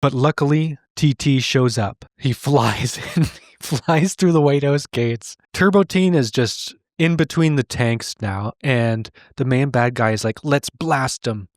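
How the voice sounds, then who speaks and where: A man's voice: mid-range voice, a little slow, dry recording, studio quality. A man co-hosting a comedy show, recapping an old cartoon with sarcastic, incredulous narration. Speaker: podcast co-host recapping a cartoon. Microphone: remote call mic.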